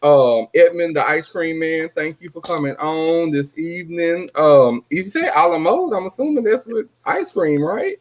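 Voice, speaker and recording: Lively, joking man hosting. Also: on the high side, normal speed, few pauses. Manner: loud, joking, swears freely. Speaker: podcast host. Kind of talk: casual group chat.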